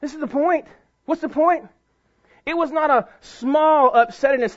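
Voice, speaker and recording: Male pastor, very high voice, preaches with loud bursts and quiet lows; muffled lo-fi sound. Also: measured pace. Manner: preaching with sharp swings between loud emphasis and hushed low delivery. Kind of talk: sermon. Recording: dull lo-fi sound.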